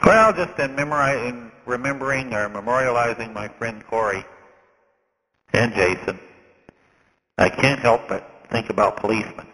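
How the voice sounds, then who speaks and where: A man telling a personal story in a plain, folksy way, with many fillers and pauses. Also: mid-range voice, fairly bright tone, in a large hall, rough recording.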